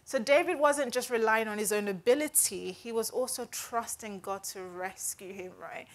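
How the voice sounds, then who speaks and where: A woman with a somewhat high voice, speaking at a moderate pace, delivers a conversational devotional talk. She teaches from the Bible in a sincere, talkative way and keeps checking in with "right?"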